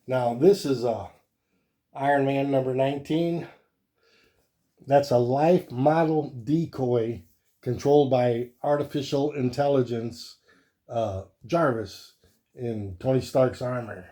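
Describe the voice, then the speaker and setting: A man hosting a comic book show, chatting casually in a relaxed, rambling way with many fillers. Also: mid-range voice, slow pace. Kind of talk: casual show-and-tell chat.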